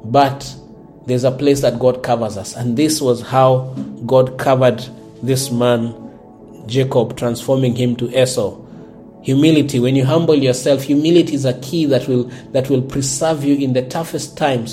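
A man's voice: medium pitch, steady tone, moderate pace, warm tone. A man preaching a sermon in an earnest way, often repeating words as he searches for the phrasing, with faint music behind him. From South Sudan. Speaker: pastor.

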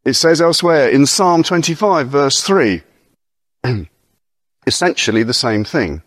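An earnest male preacher with a middle-pitched, fairly bright voice gives a conversational sermon. He reads scripture aloud slowly and deliberately, then shifts into casual asides and rhetorical questions, staying expressive throughout. The sound is dry and close, with no room around it.

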